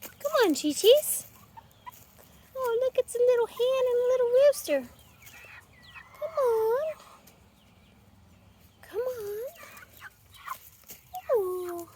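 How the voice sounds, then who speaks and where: A woman with a very high, bouncy voice talks to her chickens in sing-song baby talk. She speaks slowly and gently, narrating casually as she herds them in outdoors. Her pitch swoops up and down as she coaxes. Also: lively intonation. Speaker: backyard chicken keeper. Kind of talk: casual vlog narration while herding chickens.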